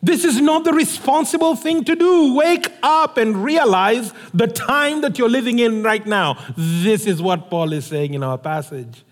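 Guy preaching, high lively voice, big echoey hall. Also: unhurried, few pauses. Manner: animated storytelling, acts out dialogue. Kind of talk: sermon.

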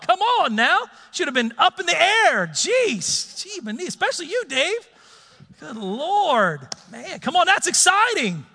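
A man preaching a sermon as pastor in a church sanctuary, lively and urging the congregation to join in. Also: extremely high pitch, a little slow, big-room sound, soft background music.

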